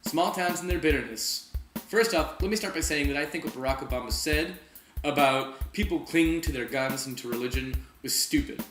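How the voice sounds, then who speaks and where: A man's voice: on the high side, fairly quick, fairly bright tone, echoey room, faint music behind. A man hosting a weekly political commentary show, wry, opinionated and direct. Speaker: host.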